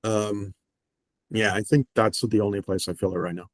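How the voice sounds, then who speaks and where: A man speaking slowly and hesitantly as a client, naming his feelings with pauses. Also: on the low side, steady tone, no echo. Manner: slow, reflective, hesitant with ums. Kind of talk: therapy session talk.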